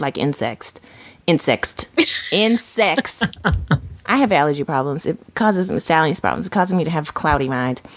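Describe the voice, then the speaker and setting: A woman with a low voice co-hosts a casual podcast. She tells stories in an animated way and acts out the people she quotes. Her voice sounds close and dry, with no room echo. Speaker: podcast co-host. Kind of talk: casual chat.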